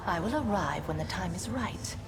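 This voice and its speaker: A woman voicing a seductive female demon lord in a video game, with a low, melodious, sensual voice and a sarcastic, partly whispered delivery. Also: animated, moderate pace, lightly acted. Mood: regal. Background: music.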